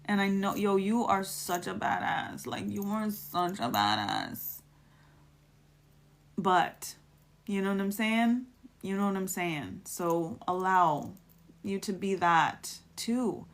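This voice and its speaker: A woman's voice: mid-range voice, takes it slowly. Casual woman doing a live tarot stream. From United States. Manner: casual, affectionate, spiritual coaching, many restarts. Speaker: tarot reader.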